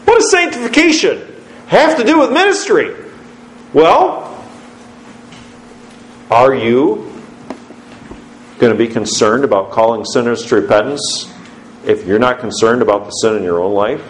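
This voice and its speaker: A man preaching a sermon as pastor, putting questions to his congregation in an emphatic, lively way. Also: medium pitch, a little slow, pauses often, slight background noise. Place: church sanctuary. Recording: roomy church echo.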